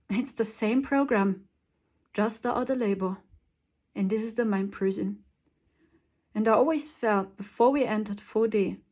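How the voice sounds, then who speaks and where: A spiritual channel host talks casually to camera, giving spiritual advice emphatically. Her voice is slightly high and a little mellow, and she repeats words for stress and laughs often.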